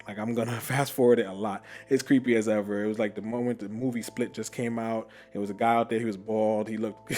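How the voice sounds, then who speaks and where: A man with a fairly low voice tells a personal story on a podcast, animated and casual. He laughs often and leans on fillers like "like" and "you know". Faint music plays behind him. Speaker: podcast host.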